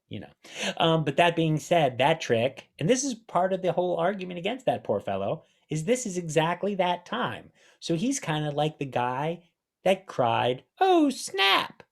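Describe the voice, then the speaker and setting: A man's voice: a little high, big pitch swings, normal speed. A man hosting a casual talk about magic, rambling and chatty as he tells stories. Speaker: host.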